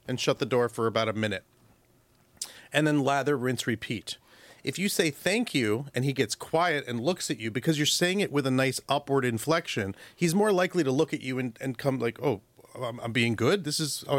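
A man's voice: mid-range voice, no room sound. A man, a professional dog trainer, giving advice to a caller on a call-in radio show and acting out dog and owner voices as he explains.

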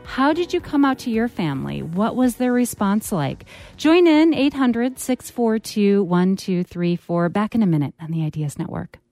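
A woman hosting a public radio call-in show, reading prompts calmly and clearly and interviewing a guest. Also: mid-range voice, normal speed, no echo, faint music behind. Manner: calm, clear, scripted prompts. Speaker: radio host.

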